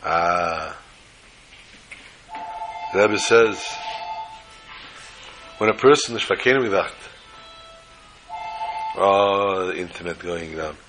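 A man teaching a Torah lesson as a rabbi, telling stories and acting out quotes in an animated way. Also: low-pitched, slow pace, long pauses, over music. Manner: animated, acts out quotes, rising to loud exclamations.

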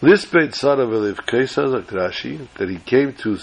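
A man's voice: medium pitch, animated, normal speed, gravelly, husky. A man preaching as a rabbi, telling a story in a folksy, emphatic way. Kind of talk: sermon with storytelling.

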